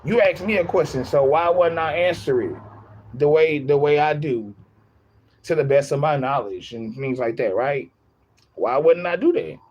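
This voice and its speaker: A man's voice: a little high, normal speed, darkish tone, muffled recording. A young man chatting casually on his livestream, rambling, repeating himself and laughing often.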